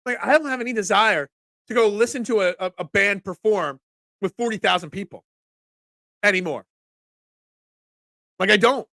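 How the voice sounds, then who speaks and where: A congested man in his forties hosts a casual sports talk stream, his high, bright voice cracking now and then. He rambles loosely as he answers chat comments, on a dry, close mic. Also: moderate pace, creaky, pauses often, no echo. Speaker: sports talk show host.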